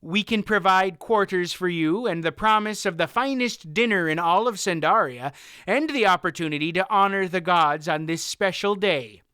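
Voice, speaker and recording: A man voicing a stubborn, pious older male farmer who speaks firmly and flatly. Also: sits high, moderate pace, clean tone, dry recording, studio quality, voice pushed up. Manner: firm, flat, stubborn.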